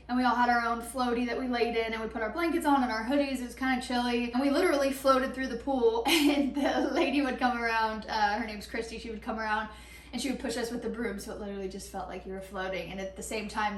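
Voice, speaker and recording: A young woman telling a story in a casual vlog, chatty and animated, with lots of "like" and quick laughs. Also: a little high, distant mic. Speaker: vlogger. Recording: echoey room, a bit off-mic.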